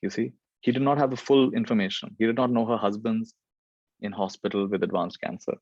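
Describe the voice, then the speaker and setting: A man's voice: on the low side, steady tone, brisk, darkish tone, no echo, highs cut off. A man giving a spiritual talk and answering questions, reflective and repeating phrases for emphasis. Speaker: spiritual teacher.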